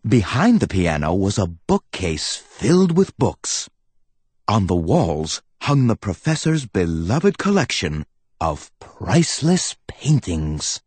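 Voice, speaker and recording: A man narrating a children's storybook aloud with an animated, expressive delivery. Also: deep voice, slow, breathy edge, no room sound. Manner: animated, wide-ranging delivery. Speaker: audiobook narrator.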